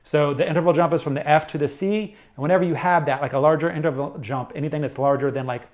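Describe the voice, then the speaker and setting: A middle-aged man teaching a saxophone lesson, explaining jazz articulation step by step in a clear, methodical way. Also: a little high, steady tone, quick pace, darkish tone. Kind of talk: instructional music lesson.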